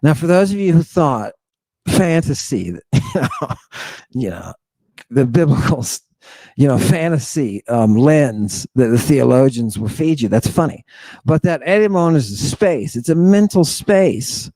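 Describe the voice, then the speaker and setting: A man's voice: on the high side, mellow, dry recording. A man hosting an irreverent, theatrical lecture, mocking and talking straight to his audience. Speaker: host. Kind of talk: irreverent lecture on ancient texts.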